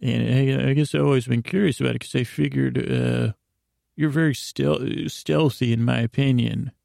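A man telling a rambling comedic story in a deadpan, awkward way, stammering and correcting himself often. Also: medium pitch, normal speed, creaky, dry recording, studio quality. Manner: stammering, with many restarts and self-corrections.

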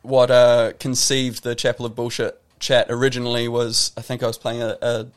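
A man with a New Zealand accent speaks as a podcast guest, his voice sitting at an ordinary mid pitch. He talks in a reflective, rambling way, circling back with fillers and restarts as he works through a story. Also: little pitch movement, normal speed, smooth. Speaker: guest, professional tennis player. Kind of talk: casual podcast interview.

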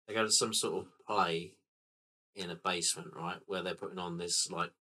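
Deep-voiced laid-back man, bright tone. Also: fairly even intonation, moderate pace. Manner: laid-back, unsure, short replies. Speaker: podcast co-host. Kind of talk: casual film-review chat.

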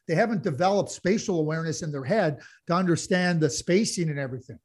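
A man's voice: on the high side, quick pace. A man co-hosting a casual sports chat, talking passionately with lots of restarts and repeated words. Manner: passionate ranting, frequent restarts. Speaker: podcast co-host.

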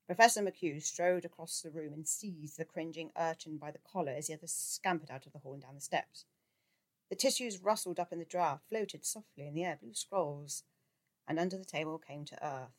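Woman, low voice, reading a book aloud, lively with character voices. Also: normal speed. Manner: expressive, shifts into voices for characters. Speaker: audiobook reader.

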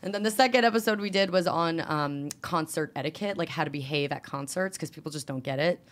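A young woman, a stand-up comedian chatting as a podcast guest, animated and swearing freely. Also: low-pitched, fairly quick. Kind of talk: casual podcast chat.

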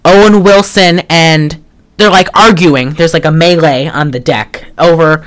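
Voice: mid-range voice, fairly even intonation, unhurried. A podcast co-host recapping a film in casual chat, rambling with lots of "like" and wry, sarcastic asides. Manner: trails off and restarts often.

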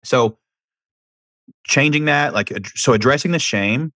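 A man's voice: medium pitch, unhurried, sharp tone, no echo, clean studio sound. A young adult man hosting a podcast, giving candid conversational advice and often restarting his words. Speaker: podcast host. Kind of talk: casual advice talk.

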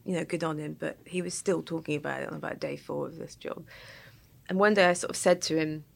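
A woman's voice: low-pitched, quick pace, gravelly. A woman chatting casually on a podcast, telling stories with frequent laughter. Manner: laughs often, animated storytelling. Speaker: podcast co-host. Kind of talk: casual chat.

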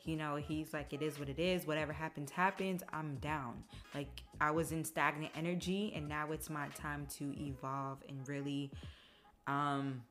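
A young woman with a low voice talks through a personal update on her podcast, chatty and open. She slips into lively voices when she repeats what friends and family said. Soft music plays faintly underneath. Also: a little slow. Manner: chatty, emotional, quotes others in animated voices. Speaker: podcast host. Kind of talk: casual personal monologue.

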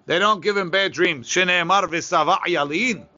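A man teaching a Talmud class, reading the source text quickly and then explaining it in a casual way. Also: high voice, sharp tone. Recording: lo-fi, muffled recording.

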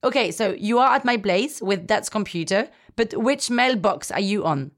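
A woman voicing her older mother, who is proud, bossy and quick to take offence. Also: medium pitch, animated, lightly acted. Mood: questioning.

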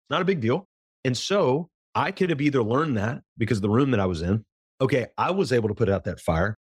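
A man's voice: medium pitch, slightly rough, no room sound, studio quality. A man guesting on a podcast, earnestly explaining his coaching process and acting out bits of dialogue as he goes. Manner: earnest, emphatic, acts out quoted dialogue. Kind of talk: conversational interview answer.

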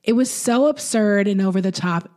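A woman chats casually about a movie, blunt and quick to laugh. She drops an occasional swear word. Her voice sits at a middle pitch. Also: darkish tone. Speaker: podcast co-host. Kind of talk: casual chat about a film.

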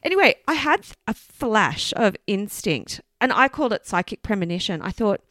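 A woman co-hosting a podcast, telling an animated story in casual chat, swearing and laughing freely. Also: medium pitch, moderate pace, no echo. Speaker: podcast co-host.

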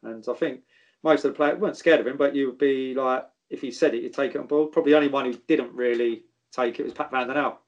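A man's voice: medium pitch, steady tone, fast talker, muffled recording. A man, a former footballer telling stories in casual chat, swearing freely and calling people mate. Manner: laddish, swears freely, says mate and geezer.

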